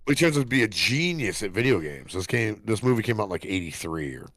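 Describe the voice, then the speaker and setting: A man's voice: on the low side, sing-song, fast, a bit bright, no echo. A man in his forties co-hosting a podcast, a father who talks bluntly and swears when exasperated. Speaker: podcast co-host. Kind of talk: casual chat.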